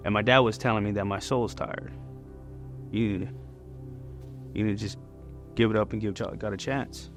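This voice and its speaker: A man's voice: fairly low pitch, steady tone, normal speed, long pauses, soft background music. A man in his forties giving a candid, conversational personal testimony at church. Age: 40s. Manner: candid and conversational, many fillers.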